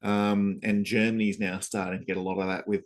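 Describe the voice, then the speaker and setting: A man's voice: on the low side, flat delivery, a little fast. A man talking politics in a loose, rambling podcast chat, full of restarts and fillers.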